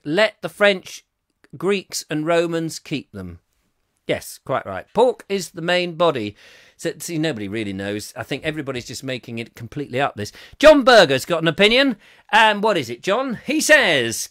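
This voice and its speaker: Jokey guy on a live chat show, higher voice, rambles, loud then mumbly, dry close sound. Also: sing-song, normal speed, no echo. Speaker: comic chat show host. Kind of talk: rambling live-stream chat reading comments.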